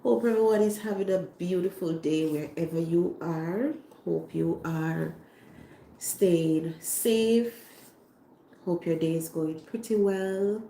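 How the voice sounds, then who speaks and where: A Jamaican woman who hosts a cooking channel, hoarse while getting over an illness, talking casually on a livestream and repeating her phrases with heartfelt faith. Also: lowish voice, warm tone, reverberant, slight background noise. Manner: repetitive, heartfelt, faith-filled.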